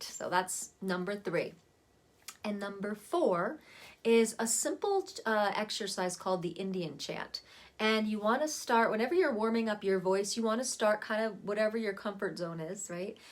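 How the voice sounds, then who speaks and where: A woman vocal coach giving a relaxed, chatty lesson on voice warm-ups, talking to the camera from a seated spot at home. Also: mid-range voice, moderate pace. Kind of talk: casual spoken voice lesson.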